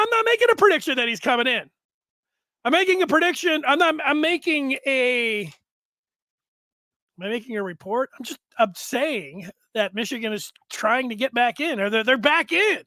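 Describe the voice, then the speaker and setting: A man's voice: very high voice, expressive, normal speed, pushed and bright, dry recording. A man hosting a casual sports talk show, reading viewer comments aloud and rambling with frequent restarts.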